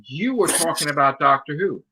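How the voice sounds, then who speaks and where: A man hosting a podcast, ranting in a heated, profane way and mimicking people in high voices. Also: animated, moderate pace, pushed and bright, husky. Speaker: podcast host. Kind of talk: heated casual podcast rant.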